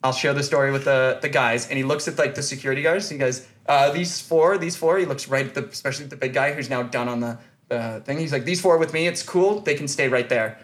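A man's voice: mid-range voice, fast talker, a bit bright. A man telling a long, rambling story on a podcast, full of restarts and fillers. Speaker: podcast host. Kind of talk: casual storytelling chat.

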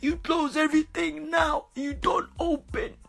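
A woman's voice: high voice, little pitch movement, a little slow, vocal fry, pitched above the performer's own voice. Raised, strained voice, a woman putting on a dying old dictator, clipped broken English, barking and wailing, faint music behind.

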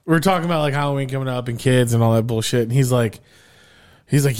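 A man's voice: mid-range voice, quick pace. A man co-hosting a podcast in casual chat, brash, joking and profane. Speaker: podcast co-host.

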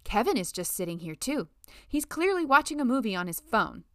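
A woman's voice: a little high, sing-song, fairly quick, bright, forceful tone, no echo, clean studio sound, pitched above the performer's own voice, heavily acted. A woman voicing a young female grad student who stays carefully polite and restrained.

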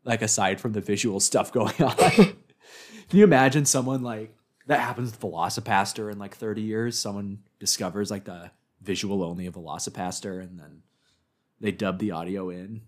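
A man's voice: lowish voice, moderate pace. A man co-hosting a podcast, talking casually and rambling with lots of filler words. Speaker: podcast co-host. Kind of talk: casual chat.

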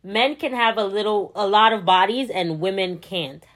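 A young adult woman in casual podcast talk, blunt and animated. Her voice sits in a middle pitch, and she slides up into high laughter when something lands. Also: moderate pace. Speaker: podcast co-host. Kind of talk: casual chat.

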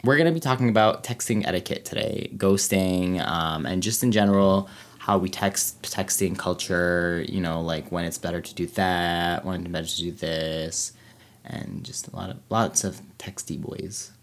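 A man co-hosting a casual podcast chat, talking hesitantly with many fillers and pauses. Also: low voice. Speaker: podcast co-host.

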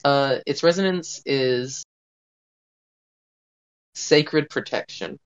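Slow, hesitant tabletop player. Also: mid-range voice, smooth, lo-fi sound. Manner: hesitant, pauses to search for words. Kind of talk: describing actions in a tabletop game.

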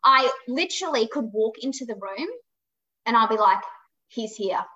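A woman with a fairly high, bright voice tells her story as a podcast guest. She is frank and emphatic, swears freely and acts out past conversations. The audio is dull and lo-fi. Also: expressive, moderate pace. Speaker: podcast guest, psychic medium.

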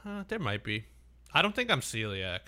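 A man's voice: mid-range voice, very animated, moderate pace, pushed and bright. A man co-hosting a podcast in casual chat, rambling and swearing a lot. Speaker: podcast co-host.

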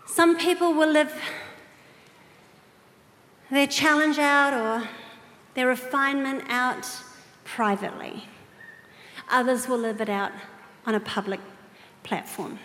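A woman preaching to a women's gathering, telling a personal story with animated asides and direct questions to the audience. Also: sits high, slow, long pauses. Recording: reverberant hall with faint ambience.

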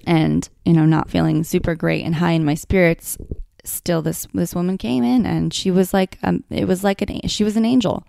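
A woman's voice: on the low side, steady tone, moderate pace, gravelly, dark tone, no room sound, studio quality. A woman telling a personal story in a candid, heartfelt way, full of "like" and "you know". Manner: emotional, heartfelt, filler-heavy with frequent "like".

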